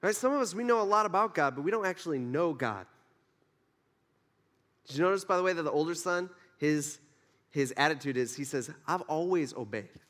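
A male pastor delivers a casual, conversational sermon, slipping into the voices of the characters he retells. His voice sits high for a man, and the sound trails off in a long hall reverb. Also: expressive, a little fast, a bit bright. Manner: conversational, acts out the characters' lines.

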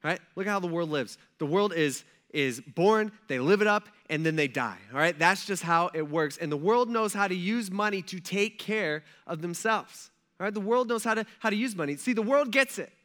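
A male pastor preaching in a fairly high, bright voice. He tells the story casually, in everyday slang, and breaks off often to speak straight to the congregation. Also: moderate pace, hardly any pauses. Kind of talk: sermon. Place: church.

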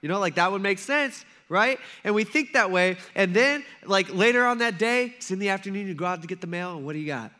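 A pastor preaches a sermon in a relaxed, conversational way, slipping into quoted voices as he tells the story. The man's voice sits high and sounds bright and forward. He keeps it lively and informal, with plenty of everyday fillers. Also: a little fast, hardly any pauses.

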